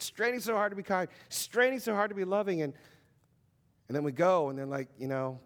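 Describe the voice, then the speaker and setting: A man in his thirties, a Christian parent, giving an informal faith talk in a conversational, animated way, with many fillers and acted-out quotes. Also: high-pitched, brisk.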